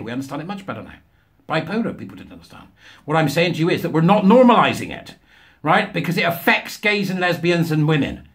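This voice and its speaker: A man's voice: medium pitch, fairly bright tone. A man reading news articles aloud and mocking them with sarcastic, scornful asides, often laughing at his own jokes. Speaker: commentator.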